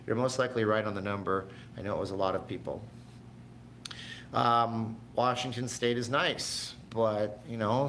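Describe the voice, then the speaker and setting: Low-voiced man rambling on a livestream. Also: a bit bright, a little hiss or hum. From Canada. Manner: rambling, chatty, answers viewers' chat. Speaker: livestream host. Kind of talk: casual livestream chat. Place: at home.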